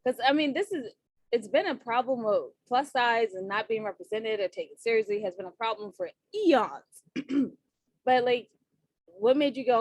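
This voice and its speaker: Chatty woman host, higher voice. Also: expressive, moderate pace, no room sound, rough recording. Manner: chatty, laughs easily. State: tickle in the throat. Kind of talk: casual interview chat.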